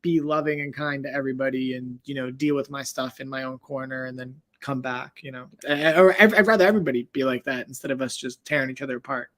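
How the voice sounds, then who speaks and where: A man with a New York accent in a casual chat, animated and swearing, asking eager follow-up questions. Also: mid-range voice, quick pace, few pauses. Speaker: podcast participant.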